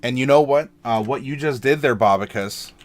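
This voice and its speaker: A man's voice: medium pitch, normal speed. A man hosting a casual tabletop game worldbuilding chat, talking loosely with many fillers and restarts. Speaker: game master and show host.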